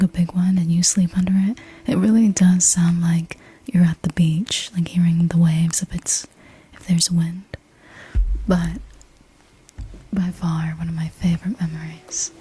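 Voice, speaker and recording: A woman's voice: fairly low pitch, fairly even intonation, measured pace, dark tone, husky. A young woman telling a personal story in a whispered ASMR voice, casual and rambling, with the odd swear word. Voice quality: unvoiced whisper. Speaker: ASMR creator.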